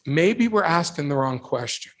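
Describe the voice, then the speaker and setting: A youth speaker with a fairly high voice talks at a normal pace, giving young people a devotional talk built on stories. He's an animated storyteller who performs the voices in his anecdotes, driving his point home with rhetorical questions and emphatic repetition.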